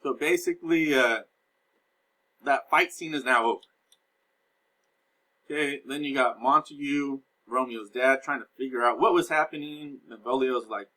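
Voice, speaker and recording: A man's voice: mid-range voice, unhurried, long pauses, sharp tone, rough recording. A man teaching a class, recapping a play in a casual, explaining way and paraphrasing its lines in everyday speech.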